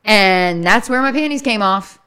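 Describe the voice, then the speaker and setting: A woman's voice: medium pitch, expressive, a little slow, bright, forceful tone. A woman co-hosting a casual chat, laughing often and trailing off while she recalls a story.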